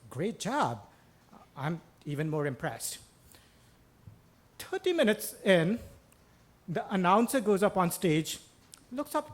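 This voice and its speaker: A man telling a true story on stage before a live audience, wry and self-mocking, swearing casually as he talks into a stage microphone. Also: sits high. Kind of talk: live first-person storytelling.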